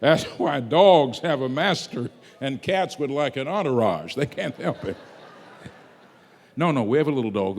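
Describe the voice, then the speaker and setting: Preacher, male, lively sing-song sermon delivery, big reverberant church hall. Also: mid-range voice. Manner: dramatic swings in loudness, drawn-out emphatic words. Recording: long reverb of a large hall.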